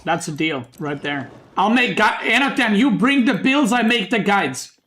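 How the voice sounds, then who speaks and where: A man's voice: high-pitched, animated, normal speed, sharp tone, a little hiss or hum. A man doing casual stream commentary on a strategy game, joking and bickering with his chat and swearing now and then. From Serbia. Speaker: streamer casting a tournament.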